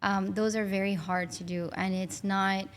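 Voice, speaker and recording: A woman's voice: mid-range voice, normal speed, slight background noise. A woman guest candidly telling her personal story in an interview. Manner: warm, candid, animated when recalling. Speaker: guest, bereaved mother.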